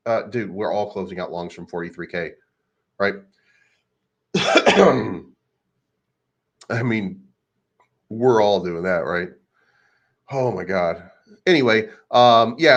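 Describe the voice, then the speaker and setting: A man's voice: medium pitch, very animated, slow, pauses often. A man hosting a crypto channel, ranting casually in a rambling, crude, mocking way. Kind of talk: casual unscripted rant. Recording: dull lo-fi recording.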